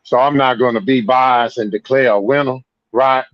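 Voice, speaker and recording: A man's voice: medium pitch, fairly even intonation, moderate pace, no room sound. Laid back guy calling in, says man a lot, dull dry lo-fi sound. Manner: easygoing, sprinkles 'man' everywhere. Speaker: caller. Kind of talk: casual call-in commentary.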